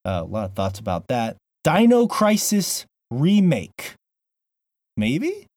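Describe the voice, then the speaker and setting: A man's voice: mid-range voice, wildly swooping pitch, takes it slowly, darkish tone, dry recording. A man hosting a gaming podcast, opening the show in a playful, jokey way with lots of fillers. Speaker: podcast host. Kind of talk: casual podcast intro.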